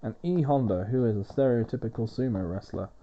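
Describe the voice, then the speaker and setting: A man's voice: mid-range voice, fairly quick, mellow, highs cut off, slight background noise. A man giving rambling, wry, off-the-cuff game commentary while he soothes a baby. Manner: rambling, wry and chatty, swearing now and then. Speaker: gaming video host.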